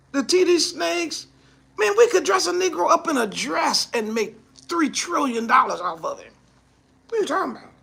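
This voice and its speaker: A man delivering an impassioned commentary monologue, firing off mocking rhetorical questions and often shouting. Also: very high voice, gravelly. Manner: mocking rhetorical questions, acts out imagined speakers. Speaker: ministry speaker.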